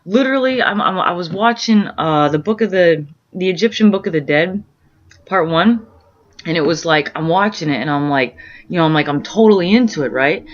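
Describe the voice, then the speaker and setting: A woman's voice: fairly low pitch, lively intonation, fairly quick. Rambling woman musing on spirit, muffled audio. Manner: meandering and searching, many fillers and restarts; earnest, introspective musing. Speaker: vlogger sharing spiritual experiences. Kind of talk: casual rambling monologue.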